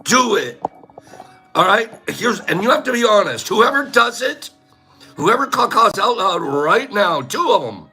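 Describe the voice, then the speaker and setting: With faint music behind him, a man with a high, sing-song voice and a slightly slow pace hosts a laid-back live stream. He pokes fun at the chat, laughs regularly, and breaks out in loud bird calls.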